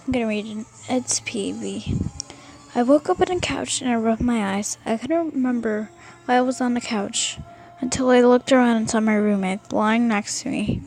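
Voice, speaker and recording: A woman's voice: on the high side, darkish tone. A young woman casually reading a fan fiction story aloud, often stumbling and rereading words.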